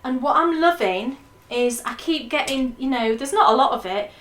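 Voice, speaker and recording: Brief: enthusiastic woman podcast host, casual rambling chat, slightly high voice. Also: lively intonation, moderate pace, fairly bright tone, echoey room.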